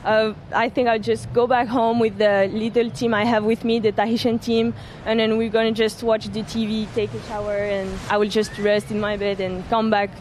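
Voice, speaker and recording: A young woman surfer from French Polynesia with a French accent, giving simple, halting answers after her heat. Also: fairly high pitch, flat delivery, darkish tone, a little hiss or hum. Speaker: pro surfer.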